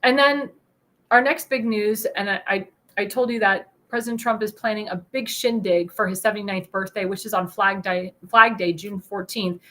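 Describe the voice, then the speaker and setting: A woman's voice: mid-range voice, steady tone, moderate pace, bright, forceful tone. A young woman hosting a talk show, ranting indignantly in an opinion monologue and speaking straight to her viewers. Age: young adult.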